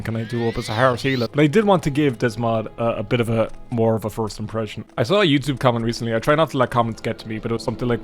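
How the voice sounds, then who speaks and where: A man's voice: mid-range voice, very fast, faint music behind. A man with an Irish accent giving rambling, chatty let's-play commentary as a gaming YouTuber, swearing casually as he plays.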